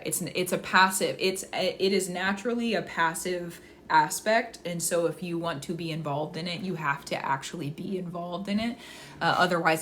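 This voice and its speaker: A woman astrologer chatting on a live stream and giving readings, effusive and quick to laugh, sometimes slowing into a soft invocation. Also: fairly low pitch, slight background noise. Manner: effusive, gushing, laughs often.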